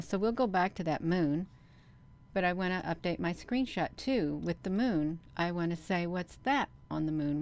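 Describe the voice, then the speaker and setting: A woman hosting her channel, giving casual commentary over camera footage, talking straight to her viewers and pressing her points with emphatic bursts. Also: on the low side. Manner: animated, repeatedly addresses viewers as "you all". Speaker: channel host.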